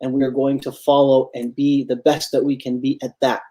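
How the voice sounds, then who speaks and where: A man's voice: medium pitch, level tone, normal speed, mellow. A man giving a Friday sermon as imam, earnest and repetitive for emphasis, addressing his listeners as brothers and sisters.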